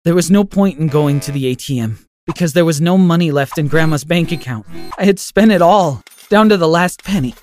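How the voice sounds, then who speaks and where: A man narrating a scripted first-person story in an expressive, dramatic way. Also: a little high, brisk, soft background music.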